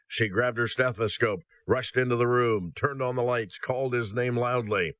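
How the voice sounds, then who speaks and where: A man's voice: medium pitch, lively intonation, moderate pace, hardly any pauses, fairly bright tone, no echo. A man hosting a ministry podcast. He reads a personal story aloud, then gives an earnest devotional message that addresses listeners as brothers and sisters.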